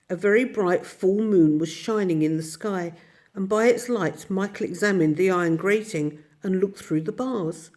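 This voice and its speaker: A woman narrating a children's storybook with steady, expressive pacing. Her tone is mellow and warm-edged, never sharp, at an ordinary pitch for a woman. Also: moderate pace. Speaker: audiobook narrator. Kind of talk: storybook reading aloud.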